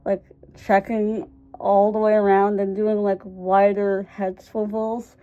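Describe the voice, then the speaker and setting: A woman's voice: medium pitch, level tone, slow pace, phone-quality sound. A young woman telling funny personal stories to camera in a casual vlog, laughing often and swearing freely. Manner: swears casually, many fillers. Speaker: vlogger. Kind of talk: casual storytime chat.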